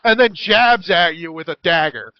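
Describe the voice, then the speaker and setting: A man's voice: on the high side, moderate pace, no echo, shouting, lo-fi sound. A man narrating as dungeon master over voice chat, laughing and swearing as he goes. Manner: giggly, animated, swearing. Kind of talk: narrating a tabletop game.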